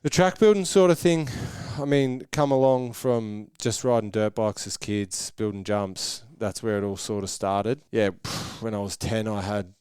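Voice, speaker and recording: Low smooth Australian man, rambling stories. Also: measured pace, few pauses, a little mellow, no echo, studio quality. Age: 30s. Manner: rambling storytelling with voiced quotes. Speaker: guest, track builder. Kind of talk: casual podcast interview.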